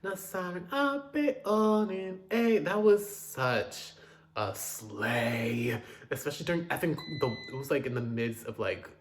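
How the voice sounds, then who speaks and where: A man casually reviewing new pop releases, chatty and dramatic, with quick asides and loud outbursts. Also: mid-range voice, lively intonation. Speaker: music reviewer.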